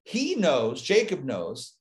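A man, a rabbi, teaching a live Torah class, retelling the story with lively asides and acted-out lines. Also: on the high side, takes it slowly. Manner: animated storytelling, acts out the biblical lines, chatty asides.

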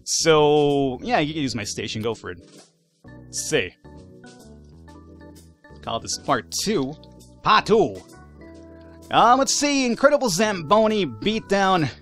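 A man giving casual, animated let's-play commentary, swearing, laughing and talking back to the game's characters. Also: fairly high pitch, takes it slowly, pauses often, faint music behind. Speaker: gaming YouTuber.

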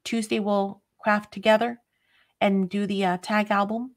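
Woman hosting a craft livestream, chatty, scattered, laughs a lot, middle pitch. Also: little pitch movement, a little slow. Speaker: craft channel host. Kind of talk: casual livestream chat.

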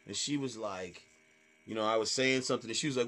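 A man, a comedian, telling stage stories in casual chat, swearing freely and acting out hecklers in loud voices. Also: fairly low pitch, fast. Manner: animated storyteller, acts out hecklers in loud voices. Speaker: stand-up comedian guest.

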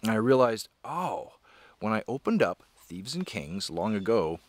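A man's voice: lowish voice, very animated, normal speed, no room sound. A man talking casually to camera about a book, rambling and enthusiastic with many fillers. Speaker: comics creator discussing a book. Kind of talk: casual vlog talk. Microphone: camera mic.

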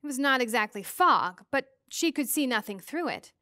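A teacher reading a storybook aloud with a high, clear voice. Her reading is expressive and steady, recorded dry and close with no room sound. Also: normal speed, no echo.

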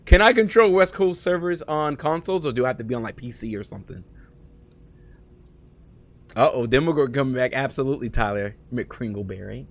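Animated, slangy male streamer. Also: fairly quick. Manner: swings between low muttering and loud excited outbursts; slangy and profane, talks to chat by name. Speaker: live streamer. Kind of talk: casual live-stream chat while gaming.

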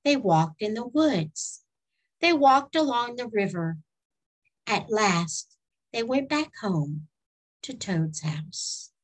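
A woman storyteller reading a children's book aloud in a slow, expressive way. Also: mid-range voice, rough recording.

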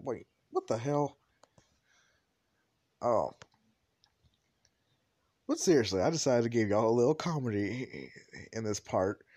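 A man's voice: mid-range voice, a little mellow, no echo, clean studio sound. A young man telling a fan fiction story casually, rambling and joking with many fillers.

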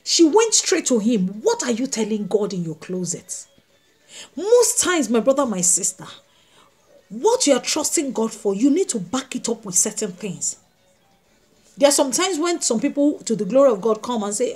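A woman's voice: a little high, big pitch swings, normal speed, a little mellow, breathy edge. A woman evangelist preaching a sermon, emphatic and repeating her phrases as she addresses the congregation directly.

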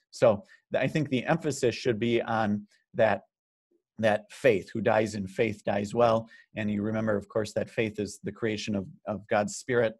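A man with a somewhat low voice leads a church Bible study. He talks in an easy, conversational way, reading out questions from the group and coaxing them to answer. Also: creaky, a little mellow, breathy edge. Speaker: pastor leading Bible study. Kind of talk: informal Bible study teaching.

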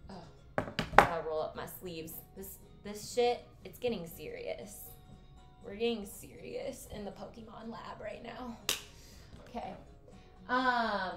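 A woman's voice: medium pitch, takes it slowly, a bit bright, reverberant, soft background music. A woman streamer casually commenting on a video game, reading the game text aloud, swearing and joking as she goes.

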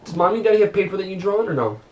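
A man's voice: high-pitched, lively intonation, racing, darkish tone. A man talking at home as a father, asking stern, patient questions. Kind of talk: casual home talk. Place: family home.

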